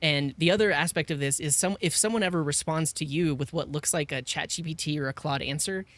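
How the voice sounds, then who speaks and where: Man co-hosting tech podcast, earnest opinionated talk, fairly high voice. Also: a little fast, a bit bright, no echo. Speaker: podcast co-host. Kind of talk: casual tech podcast chat.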